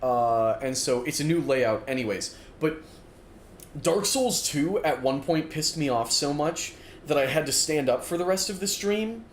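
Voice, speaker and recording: A young adult man, standing in a dorm-style room, streams a game and rambles casually, reading chat aloud with lots of fillers. His voice is fairly high, animated, and a little slow, and the recording picks up roomy echo and faint room noise.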